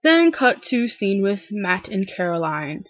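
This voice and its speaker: A woman's voice: medium pitch, sing-song, a little slow, dry recording. A young woman casually recapping a TV episode, gushing, filling her talk with "like" and acting out the characters' lines. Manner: gushing, heavy use of "like", acts out characters' lines. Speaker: TV recap vlogger. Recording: dry dull lo-fi webcam audio.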